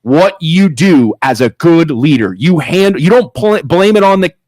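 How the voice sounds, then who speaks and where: Emphatic male co-host in his thirties, slightly high voice, dry studio sound, heated talk. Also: expressive, measured pace, a little mellow, no echo, poor audio. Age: 30s. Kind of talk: local talk radio discussion.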